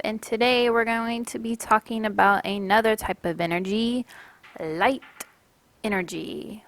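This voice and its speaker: Slow, high-voiced woman science teacher. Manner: playful, slow and explanatory. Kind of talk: classroom science demo.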